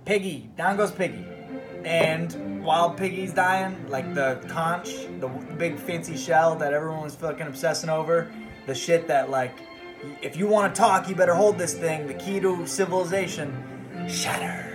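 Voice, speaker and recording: A man's voice: fairly high pitch, normal speed, over music. A man hosting a podcast, giving a profane, rambling, comedic book report. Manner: profane, rambling, animated retelling. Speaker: podcast host.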